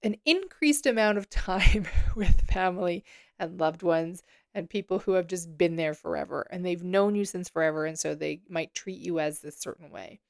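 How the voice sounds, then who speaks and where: A woman's voice: fairly low pitch, moderate pace, vocal fry, no echo, clean studio sound. A woman hosting a solo podcast as a coach, talking casually with lots of fillers and self-corrections.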